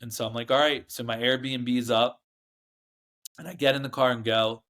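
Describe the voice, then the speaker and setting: A man's voice: mid-range voice, flat delivery, normal speed, fairly bright tone. A man, a guest in an interview, recounting his past in a rambling, emphatic way, often acting out what others said. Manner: rambling, emphatic, acts out quoted dialogue. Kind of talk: candid storytelling interview.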